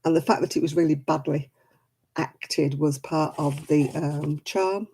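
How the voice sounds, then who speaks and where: A woman with a Lancashire accent chats on her live crafting stream, answering viewers as she works. Her voice is mellow and warm. She laughs easily and keeps the talk relaxed. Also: sits low, unhurried, husky. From Oldham, England. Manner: chatty, answers viewer comments, laughs often. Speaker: crochet vlogger. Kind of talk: casual live-stream chat while crafting.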